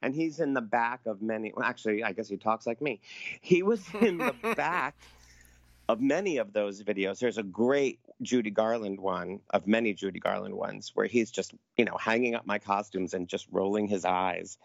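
Middle-aged man, actor guest, low gravelly voice, campy playful storytelling, dry muffled audio. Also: normal speed, no room sound. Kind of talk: casual interview chat.

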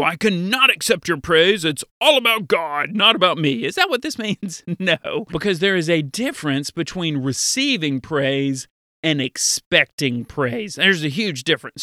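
A young man giving a lively, playful Bible lesson to children, talking straight to his audience. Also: sits high, dry recording, studio quality.

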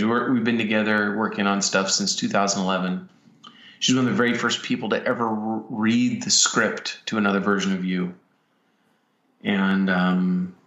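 A man, a filmmaker, reflecting in a personal way, talking haltingly with frequent pauses and restarts. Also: low-pitched, a bit bright. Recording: roomy, dull lo-fi sound.

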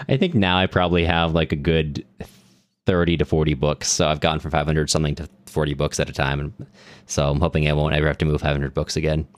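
A man with a very low, deep voice co-hosts a casual book podcast. His sound is dry and close, with no room echo. He tells dry jokes and laughs often. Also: fairly quick. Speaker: podcast co-host. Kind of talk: casual book-club chat.

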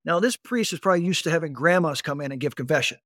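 A man in his fifties telling his life story as an interview guest, animated and addressing the host directly. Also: a little high, fast talker, no echo, clean studio sound. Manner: animated storyteller who acts out quoted voices and keeps addressing the host. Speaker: guest recounting his recovery.

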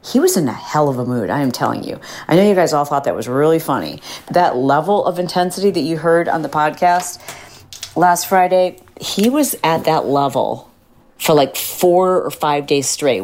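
A woman's voice: deep voice, a little mellow. A middle-aged woman hosting a podcast, chatting casually and animatedly, now and then acting out quoted voices. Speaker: podcast host. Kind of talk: casual solo podcast chat.

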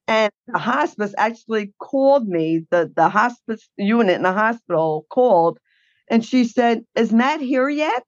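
A woman's voice: on the high side, animated, a little slow, no echo, dull audio. A woman guest telling her caregiving story in a blunt, indignant way. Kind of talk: emotional personal account.

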